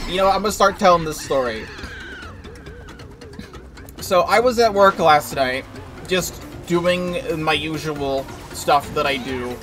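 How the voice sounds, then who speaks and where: A man's voice: a little high, slow pace, pauses often, a bit bright. A man streaming a racing game, chatting casually and telling a rambling work story with lots of filler words and the odd swear. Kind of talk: casual gameplay commentary and storytelling. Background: game music.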